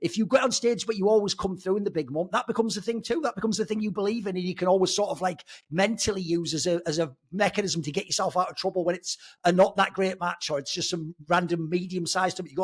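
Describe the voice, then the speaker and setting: A man's voice: high-pitched, quick pace, few pauses, husky. A man, an esports pundit rambling irreverently in casual podcast chat, sometimes swearing.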